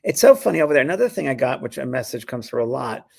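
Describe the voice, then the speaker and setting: A man with a gravelly, husky voice tells stories in a relaxed chat, slipping into the voices of the people he quotes. His pitch sits in a plain middle range, and he laughs easily as he talks. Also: very fast. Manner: chatty storyteller, acts out quoted voices, laughs often. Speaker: spiritual medium and show host. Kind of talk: casual chat, anecdotal storytelling.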